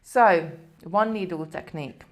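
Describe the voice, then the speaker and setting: A woman's voice: fairly low pitch, a little slow. A woman presenting a live beading tutorial, chatting casually and talking viewers through each step as she works. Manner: chatty, talks viewers through steps while working.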